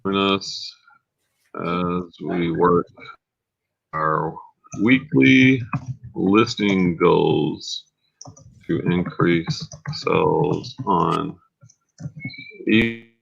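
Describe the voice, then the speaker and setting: A man hosting a casual live stream, laid-back and drawn-out. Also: low voice, gravelly. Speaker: host of a reseller live show. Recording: dull lo-fi stream audio.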